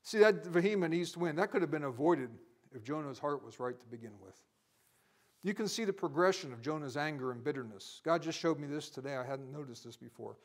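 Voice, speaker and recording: A middle-aged man preaching a sermon with passion, his voice building to near-shouting peaks. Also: a little high, a little fast.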